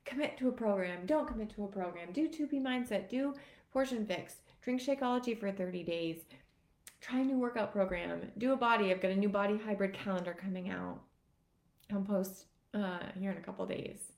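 A woman's voice: mid-range voice, brisk, darkish tone. A woman fitness coach giving an earnest, emotional motivational talk on a live video. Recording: echoey room.

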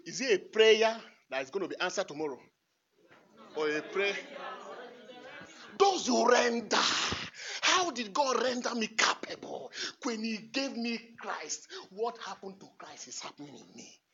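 A man preaching a homily as a priest in church. He repeats phrases emphatically and swings from hushed asides to shouts, laughing often. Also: very high-pitched, husky. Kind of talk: impassioned homily. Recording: dull lo-fi recording.

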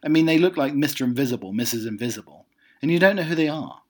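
A man's voice: mid-range voice, expressive, quick pace. A middle-aged man chatting casually and wryly, rambling through his thoughts and reading out a list. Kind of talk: casual chat.

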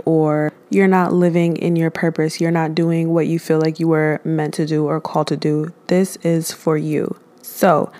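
A woman in her twenties hosting a podcast, telling a personal story in a candid, animated way and acting out her own past thoughts. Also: deep voice. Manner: candid, animated retelling with lively quoted self-talk. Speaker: podcast host.

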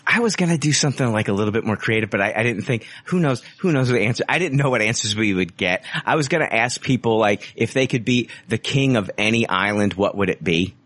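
A man's voice: lowish voice, expressive, fast, hardly any pauses, fairly bright tone, dry recording. A man hosting a casual podcast chat, loose and profane, joking around. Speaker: podcast host.

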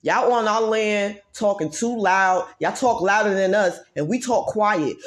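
A woman rants straight to her audience, profane and emphatic, hammering each point with repetition. Her voice sits at an ordinary middle pitch and jumps from loud, pushed outbursts down to low, muttered asides. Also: unhurried, hardly any pauses, a little hiss or hum. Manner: profane, emphatic, repeats phrases for force. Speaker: vlogger. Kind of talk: heated ranting monologue.

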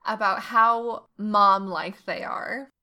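A young woman co-hosting a casual podcast, bubbly and quick to tease her friend. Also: mid-range voice, fairly even intonation, highs cut off. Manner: bubbly, teasing. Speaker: podcast co-host. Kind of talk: casual chat.

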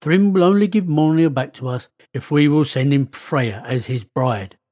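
A man voicing a sly, calm male trickster god in a read-aloud myth. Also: on the high side, moderate pace, no room sound, clean studio sound, close to an everyday voice.

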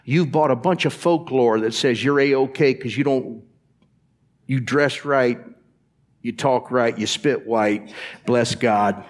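A man's voice: mid-range voice, slow pace. A man preaching a sermon as pastor in a church, talking straight to the congregation and asking them to answer back. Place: church sanctuary.

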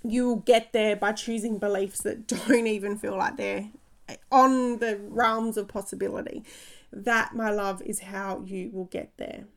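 A woman in her thirties, hosting a podcast as a coach and telling personal stories in an energetic, chatty way. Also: mid-range voice, unhurried. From Australia. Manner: energetic, chatty storytelling with frequent laughs. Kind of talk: motivational podcast monologue.

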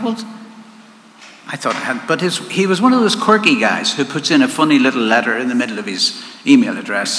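A man's voice: mid-range voice, bright, forceful tone. A man giving a sermon in a conversational way, with asides, and often repeating his words. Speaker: preacher. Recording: echoey hall with faint noise.

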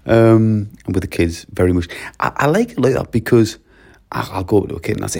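A man's voice: lowish voice, lively intonation, a little fast, creaky, a little mellow, slightly rough. A man, a school leader talking in a casual solo podcast, chatty and anecdotal. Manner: chatty, anecdotal, acts out short exchanges.

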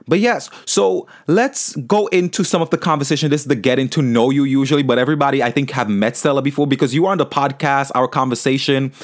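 Chatty man hosting a travel podcast. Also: on the low side. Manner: chatty, laughs easily, hesitant fillers. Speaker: podcast host and founder. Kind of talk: casual podcast interview.

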